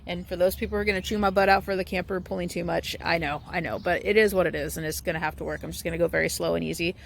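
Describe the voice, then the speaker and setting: A young woman vlogs casually at home, both indoors and by the car outside, rambling anxiously and often restarting her sentences. Her lowish voice has fairly even intonation, very fast pace and vocal fry, with slight background noise.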